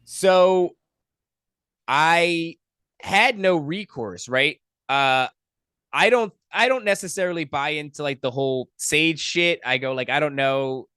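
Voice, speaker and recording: A young adult man, a podcast guest, telling a personal story in a profane, animated, casual way. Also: on the high side, takes it slowly, clean tone, no room sound, studio quality.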